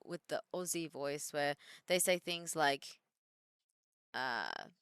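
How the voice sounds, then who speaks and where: A woman's voice: low-pitched, expressive, takes it slowly, a bit bright, smooth, dry recording, studio quality. A woman in her thirties, a wrestler chatting casually on a live stream, reading viewer comments aloud and answering them at home.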